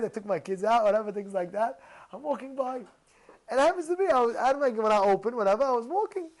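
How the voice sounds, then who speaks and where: A rabbi tells stories in a lively Torah talk, his voice sitting strikingly high for a man. He repeats phrases for emphasis and drops Hebrew terms into his English. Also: rough recording.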